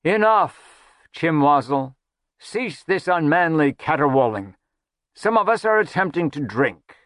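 A man's voice: a little high, sing-song, a little slow, a bit bright, dry recording, pitched above the performer's own voice. A haughty, bored prince, as a man puts him on, drawls with languid disdain in a storybook reading. The voice sits somewhat above the reader's own. It is recorded close and dry. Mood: disdainful.

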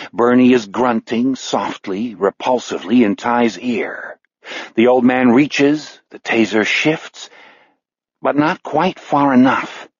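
A man reads a grim audiobook at a measured pace, dwelling slowly on the darkest words. The recording is dry and slightly dull. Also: medium pitch, no room sound. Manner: measured, slows on grim details. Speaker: narrator. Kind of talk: audiobook narration.

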